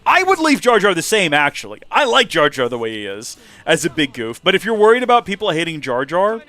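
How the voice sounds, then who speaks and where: A man's voice: on the high side, big pitch swings, fairly quick, sharp tone, no echo. A man casually commentating a game livestream, rambling animatedly and acting out quotes. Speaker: let's play streamer.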